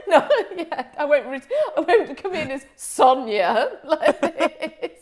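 A woman co-hosting a podcast tells a story in casual, animated chat, laughing often. Her voice sits high and her pace is slow.

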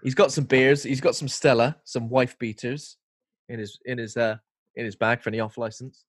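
A man's voice: mid-range voice, moderate pace, no echo. A young man co-hosting a casual film review podcast, telling stories and acting out what characters say. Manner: animated storyteller who acts out quotes. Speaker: podcast co-host.

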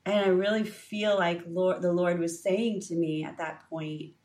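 A woman co-hosting a faith podcast, telling a personal story in a lively way with frequent fillers and restarts. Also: lowish voice, measured pace, few pauses, recorded from a distance. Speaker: podcast co-host. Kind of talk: casual faith podcast chat.

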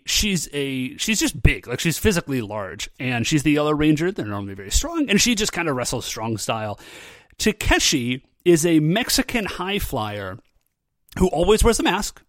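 A podcast host with a slightly high, sing-song voice and a fairly bright tone recaps an episode at normal speed. He rambles casually, using lots of "um" and "like" and laughing often, on a dry, clean studio recording.

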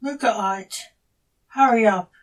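A woman voicing an impatient male alien diplomat in a read-aloud story, brisk and a little off-mic. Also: a little high, far from the mic, voice pushed up. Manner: brisk, urging.

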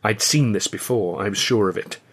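A man's voice: lowish voice, brisk, breathy edge. Wry man narrating his own novel. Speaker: author and audiobook narrator. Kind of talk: scripted narration.

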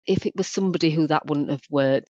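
A woman's voice: low voice, fast talker, dry recording. A woman, a podcast guest telling candid stories about her work and acting out the voices of people involved. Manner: animated, acts out quoted voices. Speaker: guest, former probation practitioner. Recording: dry, dull lo-fi audio.

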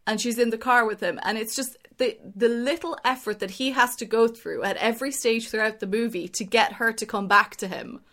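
A woman's voice: a little high, brisk, few pauses, a bit bright. Rambling young woman in casual chat. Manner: talks in long runs, many restarts and fillers.

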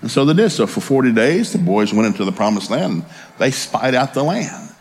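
Middle-aged guy preaching, tells stories and does both sides of the talk, average pitch, bit of hiss behind. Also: brisk. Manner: storytelling preacher, acts out both sides of conversations, lively jumps in pitch. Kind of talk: sermon.

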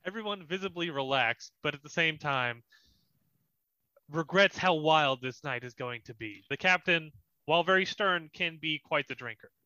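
A man running a tabletop game as dungeon master, describing scenes with pauses and fillers. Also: fairly high pitch, sharp tone, no echo. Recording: slightly muffled dry recording.

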